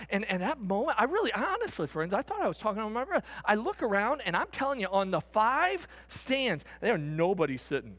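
A middle-aged man, a pastor, telling a story in a sermon, animated and swinging from shouts to hushed tones. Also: sits high, a little fast, hardly any pauses.

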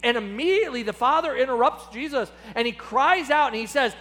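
A man's voice: expressive, a little fast, few pauses, pushed and bright. A man preaching a sermon, impassioned and acting out the people he quotes. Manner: impassioned, acts out quoted speakers with rising pitch. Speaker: pastor.

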